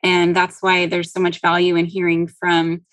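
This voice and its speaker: A woman hosting an interview who speaks gently and with compassion while leading a grief conversation. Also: lowish voice, monotone, moderate pace, no echo, rough recording. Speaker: interview host, grief support group leader. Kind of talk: interview questions.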